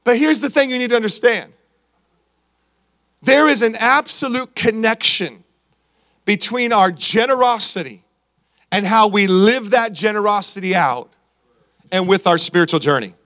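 A man with a high voice preaching a sermon. He reads scripture aloud, then presses his points home, often repeating himself and checking that his listeners are following. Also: moderate pace, pauses often, a bit bright. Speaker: pastor.

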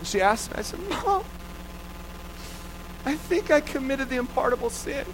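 A man's voice: extremely high pitch, normal speed, a little hiss or hum, rough recording. A man in his thirties preaching a sermon, telling a childhood story and acting out the voices in it, then urging his listeners to answer back. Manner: animated, acts out quoted voices, urges the crowd to respond. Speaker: pastor.

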